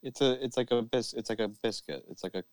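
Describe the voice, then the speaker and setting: A man's voice: mid-range voice, fast, dry recording. A man co-hosting a casual podcast, rambling and swearing, with lots of fillers. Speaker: podcast co-host.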